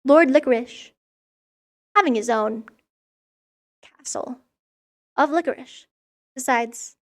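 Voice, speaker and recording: A young woman recaps a children's story in casual, irreverent commentary. Her voice sits slightly high for a woman, and her sarcasm comes through. She swears freely and treats the material as a running joke. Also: takes it slowly, long pauses, darkish tone. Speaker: vlogger. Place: room in a school.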